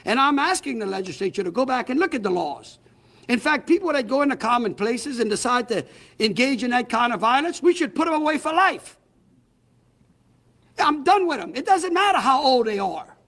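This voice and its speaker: High-voiced Southern man, blunt. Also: a bit bright. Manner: blunt, exasperated, emphatic. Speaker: state governor. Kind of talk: press conference statement.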